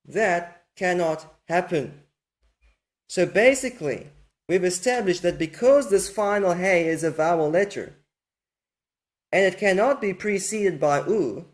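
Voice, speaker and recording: A man giving a patient, explanatory lecture on Hebrew grammar, often asking rhetorical questions and checking that listeners follow. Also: high-pitched. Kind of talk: explanatory lecture over slides.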